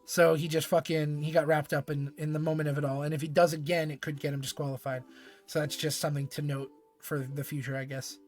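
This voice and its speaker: Man, streamer host, high voice, profane, jokey, faint music underneath. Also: level tone, fast talker. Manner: profane, joking, laughs often. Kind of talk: casual live-stream commentary.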